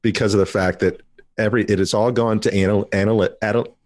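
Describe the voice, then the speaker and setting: Man, podcast guest, casual chat, matter-of-fact, explanatory, lowish voice. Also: fairly even intonation, a little fast, darkish tone, no echo, studio quality.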